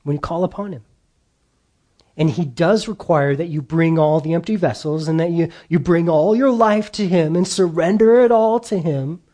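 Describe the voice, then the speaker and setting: A man's voice: fairly high pitch, normal speed, warm tone. A man preaching a sermon as a pastor, telling stories and giving emphatic points. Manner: storytelling with quoted voices, emphatic.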